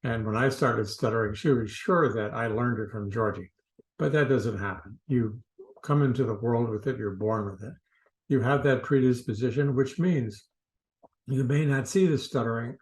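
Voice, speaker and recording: A man who works as a stuttering therapist, explaining in an unhurried way to camera with frequent filler uhs. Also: medium pitch, reverberant, rough recording.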